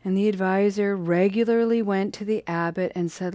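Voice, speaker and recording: A woman telling a story in a casual, lively, playful way with drawn-out phrasing. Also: mid-range voice, no room sound.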